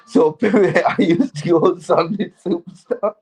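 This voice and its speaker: A man's voice: sits high, a little slow, gravelly, a little mellow, husky, rough recording. A man with a Yorkshire accent from England, stoned and tipsy, rambling, swearing and laughing as he chats casually with viewers on a livestream. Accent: Yorkshire English. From Keighley, Yorkshire, England. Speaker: livestream host.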